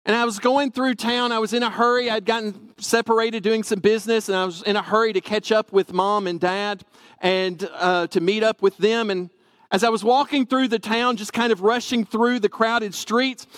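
A man's voice: high-pitched, steady tone, normal speed, a bit bright, no echo. A man from Tennessee, animatedly telling a personal story and acting out the dialogue. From Tennessee, USA.

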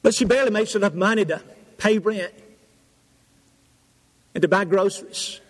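A man's voice: high voice, moderate pace. A poor little boy, shy and hopeful, stammers out his words in a lifted, childlike voice, as a man acts him out. The long reverb of a large hall trails behind each phrase. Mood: pleading. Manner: stammering, pleading.

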